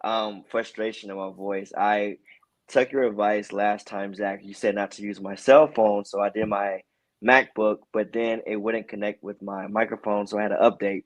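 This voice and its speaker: A man's voice: on the low side, steady tone, normal speed, dry recording. A man joining a casual online show as a guest from his cell phone, speaking in an easygoing, reflective way. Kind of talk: casual chat on a video call.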